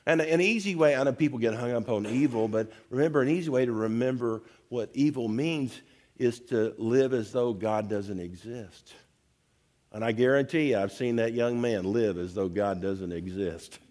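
A man's voice: mid-range voice, moderate pace, darkish tone. A man preaching a sermon, reading scripture and explaining it to the congregation.

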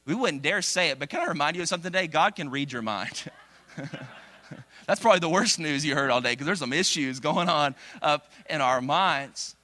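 A young man preaching a sermon, energetic and animated, acting out quotes with big jumps in his voice. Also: on the high side, moderate pace. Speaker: pastor.

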